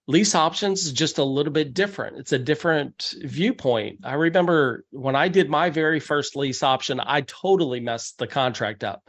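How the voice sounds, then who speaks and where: A man giving a conversational, step-by-step seminar presentation on real estate deals, slipping into quoted voices of buyers and investors. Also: fairly high pitch.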